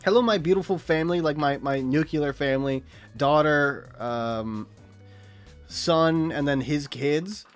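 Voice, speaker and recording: Excitable young man rambling on stream. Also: a little slow, faint music behind. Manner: excitable rambling, shouts up in pitch when riled, laughs often. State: out of breath. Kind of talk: casual stream chat.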